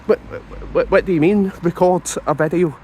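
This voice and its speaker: A man's voice: high-pitched, moderate pace, darkish tone, highs cut off, slight background noise, pitched above the performer's own voice, lightly acted. A Scottish man voicing a sheepish, evasive homeless man within his comic story.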